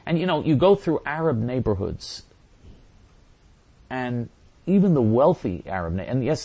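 A man's voice: fairly low pitch, creaky, a little mellow, husky. A man hosting a talk show, answering listener messages in a rambling, sarcastic way with frequent restarts.

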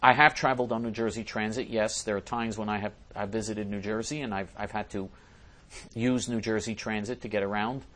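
A man's voice: on the low side, steady tone, a little fast, fairly bright tone. A man hosting a talk show, reading listener messages aloud and answering them in an emphatic way, often repeating and restarting his phrases. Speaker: host.

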